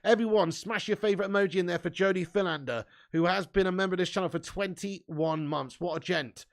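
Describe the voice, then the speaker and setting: This is a young man hosting a live stream. He is reading viewer comments aloud. His voice is gravelly and sits a little high. His delivery is loose and laddish, with laughs and the odd swear word. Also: a little fast. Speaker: fan channel host reading live chat. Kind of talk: casual live-stream chat.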